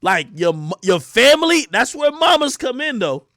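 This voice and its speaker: Animated, profane man ranting on stream. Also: very high-pitched, normal speed, no room sound, clean studio sound. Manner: animated, profane, slangy, repeats himself. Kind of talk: casual livestream rant.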